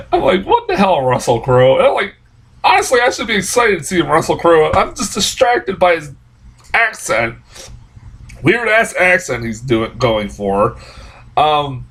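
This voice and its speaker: A young man rants through a movie review with a high, husky voice. His tone swings widely up and down. He curses constantly and trips over restarts as his exasperation builds. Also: sing-song, takes it slowly, pauses often, a bit bright, low-quality recording. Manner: exasperated profane ranting; rambling with restarts and laughs. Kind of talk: casual spoken review.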